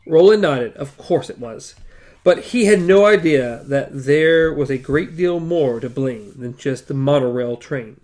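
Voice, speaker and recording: A man co-hosting a book podcast, reading novel passages aloud in a relaxed way. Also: fairly high pitch, a little slow. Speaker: podcast co-host.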